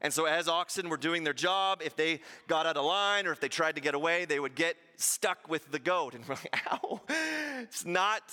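A male pastor preaches with animated energy, slipping into the voices of the people he quotes. His voice sits high and sounds bright and forceful. A long hall reverb trails each phrase. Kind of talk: sermon.

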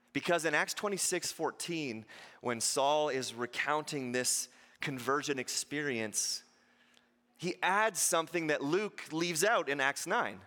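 High, bright-voiced male preacher. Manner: animated preaching, acting out quoted voices. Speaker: pastor. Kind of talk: sermon. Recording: hall reverb.

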